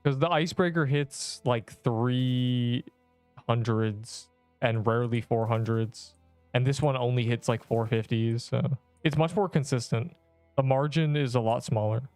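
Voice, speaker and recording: Speaking a little slowly, a young streamer with a mid-range voice that's smooth and a little mellow chats with his viewers as he plays a video game. His talk is rambling and slangy, typical of a casual gaming livestream. Soft background music plays, with no room sound.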